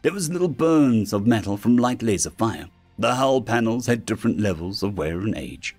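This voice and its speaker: Guy reading a sci-fi story, lively up and down delivery, faint music underneath. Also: lowish voice, moderate pace. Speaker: story narrator. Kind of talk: scripted sci-fi story narration.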